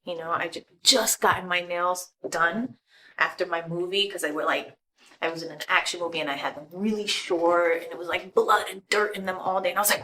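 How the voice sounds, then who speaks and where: A middle-aged woman giving a casual makeup tutorial, chatty and relaxed, walking through each step and sometimes dropping to a soft murmur as she works. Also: lowish voice, moderate pace.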